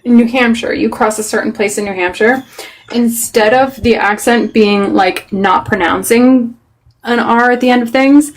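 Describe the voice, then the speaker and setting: A woman's voice: fairly high pitch, normal speed, poor audio. A woman hosting a livestream chat, telling stories animatedly and swearing freely. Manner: profane, animated storyteller. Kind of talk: casual heated chat.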